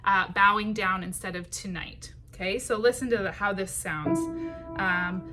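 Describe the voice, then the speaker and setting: A woman teaching songwriting in a patient, unhurried way, with many ums and short sung phrases. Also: mid-range voice, over loud music.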